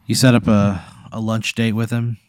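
A man casually spinning an improvised hypothetical story for his co-host, with deadpan asides. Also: on the low side, moderate pace, no echo, studio quality.

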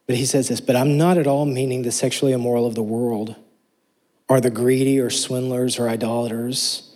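Male pastor, mid-pitched, slightly husky voice, earnest emphatic preaching. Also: a little mellow. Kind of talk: sermon.

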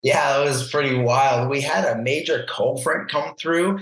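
A man, a guest on a podcast, telling a story in a casual, animated way and acting out the voices he quotes. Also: mid-range voice, unhurried. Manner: animated, acts out quoted voices, laughs often. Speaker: podcast guest, barefoot water skier. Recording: roomy echo.

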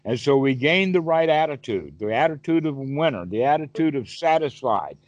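A man's voice: mid-range voice, expressive, a little fast, dry recording, dull audio. A man teaching meditation over a call, asking his listener questions and giving vivid everyday examples. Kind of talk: Dhamma talk on a call.

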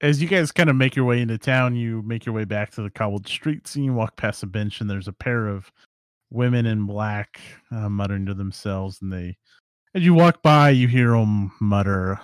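A man narrating as game master of a tabletop game, describing scenes in a relaxed way. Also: on the low side, normal speed, smooth, dry recording, studio quality.

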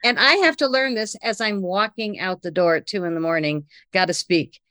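Femme qui raconte une anecdote avec animation. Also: female voice, medium pitch, moderate pace, dry recording. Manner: lively, breathless retelling with acted-out quotes.

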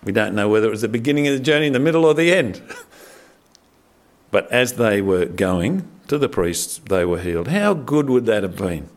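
A middle-aged man preaching a sermon in a conversational, animated way, with frequent fillers and restarts. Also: on the low side, normal speed. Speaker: pastor.

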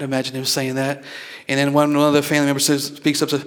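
Conversational pastor preaching a sermon. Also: male voice, medium pitch, completely flat delivery, quick pace. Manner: conversational, repeats words, asks the congregation for replies. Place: church.

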